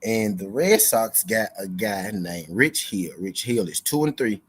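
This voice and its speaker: A man's voice: fairly low pitch, sing-song, a little slow, slightly rough, rough recording. A young man hosting a sports betting stream in loose, slangy casual chat, repeating his lines for emphasis. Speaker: sports betting show host.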